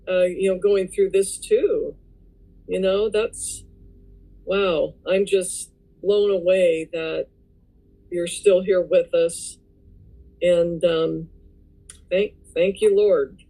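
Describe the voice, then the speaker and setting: A woman in a weight loss support group, talking slowly on a video call and often exclaiming in wonder. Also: medium pitch, husky, rough recording. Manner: slow, warm-hearted, exclaims often. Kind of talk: casual video call chat. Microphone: computer mic on a video call.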